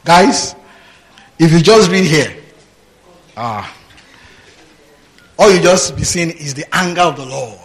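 A man's voice: fairly high pitch, expressive, slow pace, pauses often, poor audio. A man preaching a Bible-teaching sermon who reads scripture aloud, prompts the congregation with questions and laughs often. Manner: laughs often, mimics voices, rhetorical questions.

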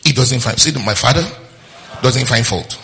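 A man's voice: mid-range voice, normal speed, pushed and bright, in a large hall. A man preaching a sermon as pastor, calling on the congregation to answer and acting out quotes in different voices. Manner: preaching with call-and-response and acted-out quotes.

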